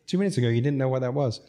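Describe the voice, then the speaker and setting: A man's voice: mid-range voice, fast talker, dark tone. A man who runs restaurants, telling rambling, self-mocking stories in a casual podcast chat. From outside the United States. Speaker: restaurateur guest.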